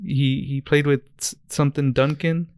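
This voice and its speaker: A young man from the States chats on a podcast, wandering through anecdotes and restarting his sentences as he goes. His voice sounds smooth and clear. The mic is close and dry, with no room sound. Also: fairly high pitch, fairly even intonation, normal speed, darkish tone, no echo. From United States. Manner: rambling storyteller, restarts often. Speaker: podcast co-host. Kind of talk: casual chat.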